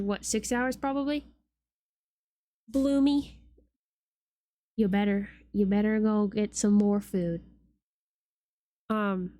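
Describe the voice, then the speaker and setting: A woman's voice: mid-range voice, dark tone, no room sound. A woman streamer chatting playfully with her viewers while she draws, swearing casually.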